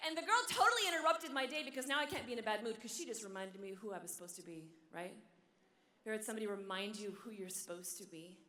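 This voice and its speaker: A nun talks to a large conference crowd with a bright, forceful voice and a brisk delivery. She tells stories in a chatty, animated way and keeps checking in with her listeners. Her voice rings through a large hall with a long, echoing reverb. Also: mid-range voice. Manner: chatty, keeps asking the crowd "okay?" and "right?"; animated storyteller. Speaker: nun speaking at a youth conference. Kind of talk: humorous inspirational talk.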